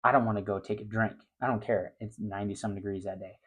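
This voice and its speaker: Fast-talking and easygoing, the middle-aged host of a fishing show spins a story. Whenever he gets worked up, he turns loud and shrill.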